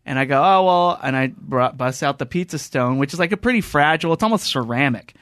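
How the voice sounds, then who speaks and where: Fast-talking animated man, dry studio mic. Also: mid-range voice, no echo. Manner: animated storyteller, acts out quotes. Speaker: podcast host. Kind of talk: casual chat. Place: podcast studio.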